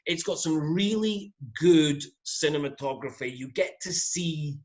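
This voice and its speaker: Scottish man, higher-pitched, chatty opinionated podcast guest. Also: measured pace, a little mellow. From Scotland. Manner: chatty, opinionated, keeps asking "you know what I mean". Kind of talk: casual podcast chat.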